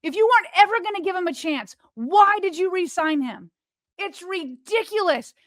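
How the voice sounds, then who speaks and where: A woman co-hosting a sports podcast speaks with passion and fires off one rhetorical question after another. Her voice sits high. The sound is close and dry, with no room around it. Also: expressive, normal speed, dry recording. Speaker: podcast co-host.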